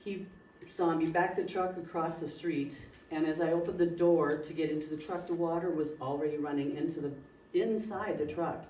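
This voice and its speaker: A woman's voice: low voice, steady tone, moderate pace, warm tone. A woman, a local resident, telling an emotional personal story at a community meeting, acting out the dialogue vividly. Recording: roomy hall, distant mic, faint noise.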